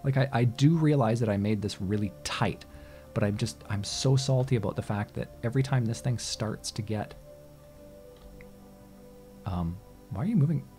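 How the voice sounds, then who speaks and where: A man's voice: medium pitch, moderate pace, long pauses, warm tone, soft background music. A man giving casual let's-play commentary at his computer, exasperated, swearing and talking back to the game. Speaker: gaming channel host.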